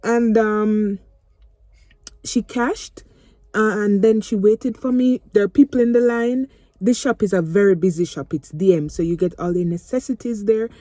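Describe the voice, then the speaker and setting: A woman's voice: mid-range voice, normal speed, warm tone, no room sound, clean studio sound. Jamaican mom vlogging from her car. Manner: chatty, emotional, slips into patois. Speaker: mother vlogging. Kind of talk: casual storytime vlog. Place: parked car.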